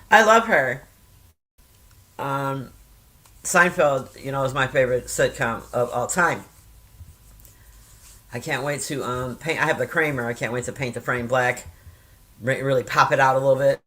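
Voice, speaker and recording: A woman in her fifties talks casually to her viewers, rambling from one thought to the next. She swears freely and laughs easily. Her voice is bright and clear. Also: rumbling low. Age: 50s. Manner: rambling, profane, chatty; laughs often. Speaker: reaction vlogger. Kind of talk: casual chat.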